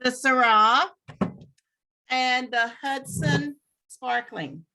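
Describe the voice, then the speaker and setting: A woman with a Southern US accent chatting on a video call, with a slow, drawling delivery. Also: sits high, background noise. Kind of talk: casual chat on a video call.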